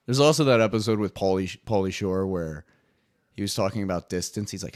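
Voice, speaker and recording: A man's voice: deep voice, animated, brisk, darkish tone, dry recording, clean studio sound. A young man hosting his own podcast, rambling casually in a solo monologue, swearing freely and laughing at his own jokes. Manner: rambling, profane, laughs often. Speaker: podcast host.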